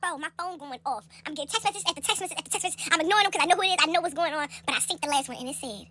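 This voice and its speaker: A young woman with a high, bright voice rattles through a casual storytime at breakneck speed. She is animated and profane, full of slang, and jumps into a squeaky register to act out the people in her story. A phone held close picks her up. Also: rapid-fire, a little hiss or hum.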